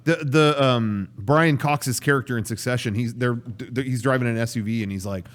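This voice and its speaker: A man's voice: medium pitch, normal speed. A man hosting a podcast in casual chat, rambling and often cutting himself off mid-sentence. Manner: rambling, self-interrupting storyteller. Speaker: podcast host.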